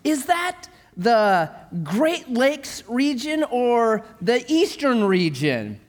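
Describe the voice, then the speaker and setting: A man's voice: very high voice, sing-song, very slow, pitched above the performer's own voice, heavily acted. A man voicing an eager, nosy male rescuer in a sermon joke, asking prying questions in a raised, chirpy voice.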